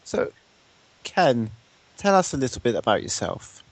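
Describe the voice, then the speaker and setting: A man's voice: mid-range voice, big pitch swings, a little slow, creaky, breathy edge. An English man co-hosting a podcast, joking playfully in casual chat. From England. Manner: playful, jokey. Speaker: podcast co-host.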